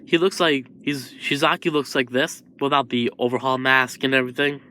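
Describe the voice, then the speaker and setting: A man narrating an improvised fan story, halting and restarting often as he goes. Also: mid-range voice, steady tone, bright, forceful tone, slight background noise.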